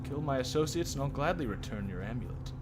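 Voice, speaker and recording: A man voicing a smooth-talking, scheming male bandit leader. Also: medium pitch, expressive, fast, over music, natural voice.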